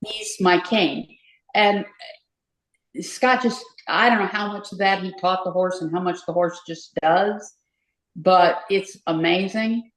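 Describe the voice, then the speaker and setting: An older woman with a lowish voice tells stories in an easygoing way and laughs often. Her voice rings in a roomy, echoey space. She is a podcast guest chatting casually. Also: takes it slowly. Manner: warm storytelling, laughs easily. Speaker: podcast guest, endurance rider. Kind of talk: casual interview chat. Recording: echoey room.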